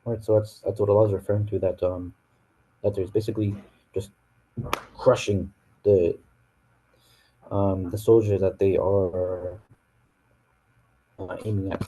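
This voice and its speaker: Man, North American accent, casual lesson, filler-heavy, low, very mellow. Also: measured pace, long pauses, rough recording. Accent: North American English. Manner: relaxed, full of fillers and restarts. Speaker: Quran teacher. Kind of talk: casual classroom explanation.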